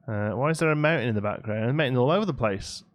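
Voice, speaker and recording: A man's voice: mid-range voice, lively intonation, rapid-fire. A man casually commenting while playing a building game on a live stream, reading and answering chat. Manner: chatty, reads out chat and answers it.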